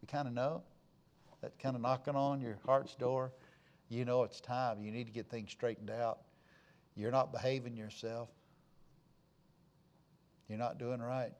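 A man, a pastor preaching a sermon and telling stories, going from hushed asides to loud emphatic lines. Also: mid-range voice, steady tone, a little slow, pauses often. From Florida.

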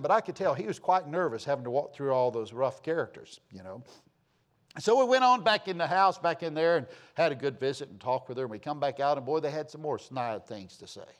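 A middle-aged man preaching a sermon, telling stories and swinging from loud to hushed. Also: on the high side, a little fast. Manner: folksy, animated storytelling with sudden loud and soft swings. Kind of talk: sermon with storytelling.

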